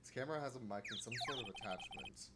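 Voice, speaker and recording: A man's voice: mid-range voice, expressive, fast, heavy background noise. Chatty male game streamer. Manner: muttering, chatty, reads aloud and reacts. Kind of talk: casual game let's play.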